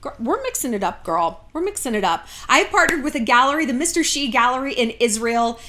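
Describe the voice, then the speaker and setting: A woman in her thirties chatting casually to camera from home, sarcastic and quick to swear. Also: high voice, lively intonation, noisy background. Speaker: vlogger.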